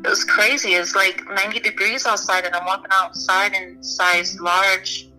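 A young woman guest speaking candidly in an interview, halting and restarting often with many "you know"s. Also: mid-range voice, steady tone, pushed and bright, faint music behind, low-quality recording. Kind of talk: personal story in an interview.

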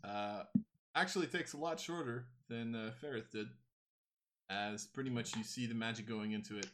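Bright-voiced man running a tabletop game. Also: on the low side, moderate pace. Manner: casual, stumbling with fillers. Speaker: game master. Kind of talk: narrating a tabletop game over voice chat.

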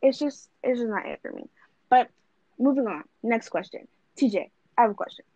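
A woman's voice: a little high, expressive, normal speed, dark tone, dry recording, highs cut off. A young woman co-hosting a podcast, talking bluntly and rambling with lots of fillers and swearing. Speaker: podcast co-host. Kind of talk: casual chat.

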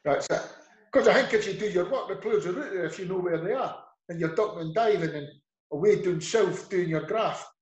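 A man's voice: sits high, brisk, muffled recording. A middle-aged man with an Edinburgh Scottish accent, a football manager telling rambling anecdotes as an interview guest, acting out the dialogue. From Scotland. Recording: echoey room.

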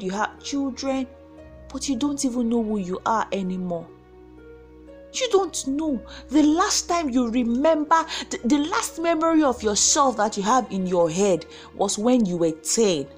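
A motivational vlogger with a high voice and a Nigerian accent gives her viewers a preachy faith talk, acting out quoted voices along the way.

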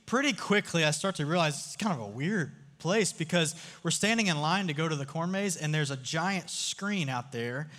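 A man with a fairly high pitch and fairly bright tone works as a youth speaker, giving a relaxed storytelling sermon before a live audience in a big room. He chats, jokes and regularly asks the crowd questions, and the recording has long hall reverb.

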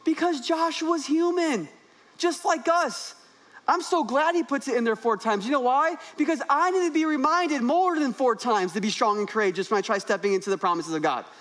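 Young male pastor, high-pitched, energetic, humorous preacher on stage. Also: normal speed. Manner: animated, humorous preaching with rising emphasis. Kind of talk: sermon. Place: church stage.

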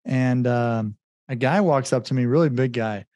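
A man's voice: medium pitch, moderate pace, mellow, no echo. A man, a business coach and guest, telling his story in a rambling casual way with many fillers and acted-out quotes. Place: home in Mexico.

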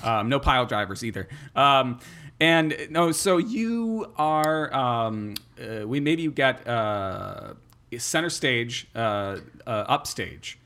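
A man co-hosting a podcast in casual chat, teasing wryly in a deadpan way with frequent hesitations. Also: medium pitch, takes it slowly. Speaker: podcast co-host.

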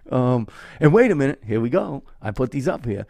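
A man's voice: mid-range voice, gravelly, a little mellow, no room sound. Earnest rambling man, dry sound. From Irish heritage. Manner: rambling, earnest, many fillers. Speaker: YouTube host. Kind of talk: casual talk to camera. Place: his home studio.

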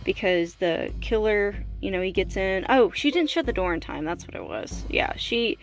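A woman hosting a podcast, telling a casual, animated movie recap full of fillers and the odd swear word. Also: mid-range voice, normal speed, faint music behind. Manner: chatty, animated storytelling with many fillers and swearing. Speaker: podcast host.

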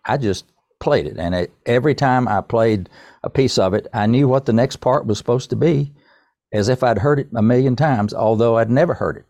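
An older man, a podcast guest, telling a personal story in a folksy, unhurried way and addressing the host by name. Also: mid-range voice, creaky, darkish tone, no room sound. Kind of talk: casual storytelling.

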